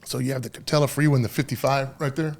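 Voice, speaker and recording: A middle-aged union official, appearing as a podcast guest, tells stories in casual conversation with a steady, mid-range voice delivered rapid-fire. He swears freely, slips Spanish phrases into his English, and fills his speech with fillers and restarts.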